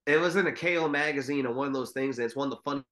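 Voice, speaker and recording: Racing along in a mid-range, fairly bright voice, this male podcast co-host keeps the casual chat loose, rambling, cursing, and imitating commentators.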